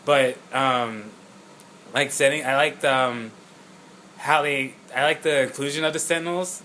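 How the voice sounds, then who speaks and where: A man's voice: medium pitch, steady tone, a little slow, pushed and bright, slight background noise. A man co-hosting a casual film review podcast, laid-back and hesitant, swearing casually. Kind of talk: casual movie review chat.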